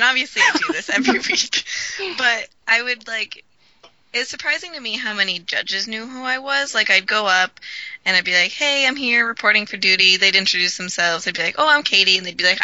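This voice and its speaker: A woman's voice: mid-range voice, lively intonation, brisk, bright, forceful tone, muffled recording. A woman podcast co-host chatting casually, wry, and often laughing through her retellings. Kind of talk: casual chat.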